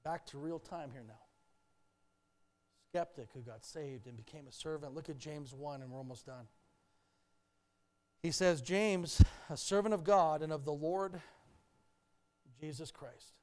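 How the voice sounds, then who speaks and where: In a church sanctuary, a male pastor preaches a sermon, speaking candidly and joking as he addresses the congregation directly. His voice is a little high, his pace measured, with frequent pauses.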